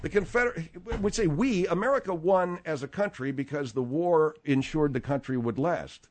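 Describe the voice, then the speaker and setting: A man hosting a talk radio show, rambling and animated, with frequent restarts as he talks. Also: on the high side, moderate pace. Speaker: radio host.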